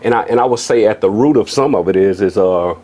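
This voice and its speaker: A man's voice: fairly low pitch, quick pace, dark tone. A man hosting a podcast, speaking earnestly and from the heart, calling his guest bro and man. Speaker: podcast host. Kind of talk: casual interview.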